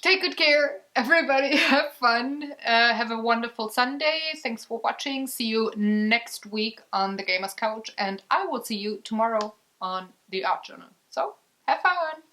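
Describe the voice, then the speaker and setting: A woman's voice: fairly high pitch, moderate pace, sharp tone, poor audio. A young woman whose first language is German hosts a casual board game vlog with her husband, often giggling and cheerful. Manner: giggly, cheerful sign-offs. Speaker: vlog host.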